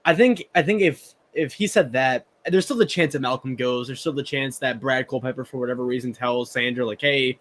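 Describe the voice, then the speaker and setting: A man's voice: mid-range voice, fairly quick, few pauses, slight background noise. A man with a Southern American accent co-hosting a podcast, chatting casually and often repeating words as he starts a sentence. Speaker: podcast co-host. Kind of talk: casual chat.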